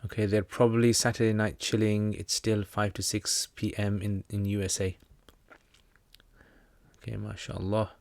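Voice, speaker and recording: A man's voice: lowish voice, flat delivery, moderate pace, creaky, darkish tone, no echo. A man with a British accent who teaches Islam, casually answering viewer questions on a livestream in a chatty, joking way with many fillers.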